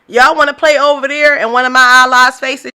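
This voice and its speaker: Woman podcast host and minister, slightly high, bright voice, lively and preachy. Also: fairly quick, clean tone. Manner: animated, preachy, joking, with laughs and African American slang. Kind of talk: casual solo podcast commentary.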